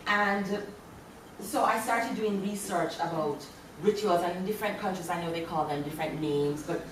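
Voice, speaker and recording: A Jamaican poet with a lowish voice and a Jamaican accent reads her poetry at normal speed to an audience in a lecture hall, chuckling between lines. The hall is very echoey, her voice comes from far off, and faint room noise can be heard.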